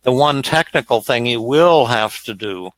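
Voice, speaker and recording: An older man hosting a live Q&A as a psychiatrist, speaking gently with frequent repeated words. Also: medium pitch, expressive, a little slow, poor audio. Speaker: psychiatrist host. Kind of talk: live Q&A chat.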